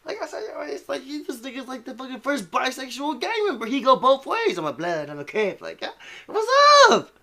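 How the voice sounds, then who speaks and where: High-pitched man in a profane mocking rant. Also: big pitch swings, a little fast, pushed and bright. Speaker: commentator. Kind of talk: heated rant commentary.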